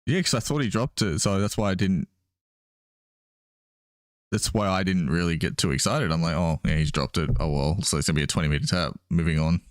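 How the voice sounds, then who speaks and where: A low-voiced man chatting loosely about the match, quick to laugh and prone to false starts. His voice sits close and dry on the mic, with no room around it. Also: no room sound. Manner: laughs often, hesitant restarts. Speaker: podcast co-host. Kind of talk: casual sports chat while watching a game.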